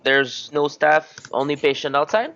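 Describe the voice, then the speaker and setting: A man's voice: fairly high pitch, animated, moderate pace, fairly bright tone, muffled recording. A man playing a tabletop game, asking direct questions with slightly broken phrasing. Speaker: player. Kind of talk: tabletop role-play.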